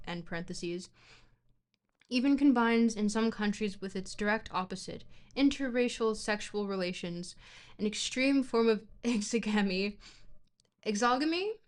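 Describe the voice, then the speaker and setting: A woman reads a book aloud for her livestream chat, stopping often to ramble playfully. She trips over words and corrects herself as she goes, and her voice sits at an ordinary middle pitch. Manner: rambling and playful, with frequent fillers and self-corrections. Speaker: streamer. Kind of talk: reading a book aloud on a livestream, chatting between passages.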